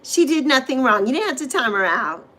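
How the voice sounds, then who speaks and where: A woman's voice: sits high, big pitch swings, brisk, bright, forceful tone, slight background noise, rough recording. A middle-aged woman from the Virgin Islands hosting a casual livestream, chatting and rambling between stories and greeting viewers by name. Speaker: livestream host.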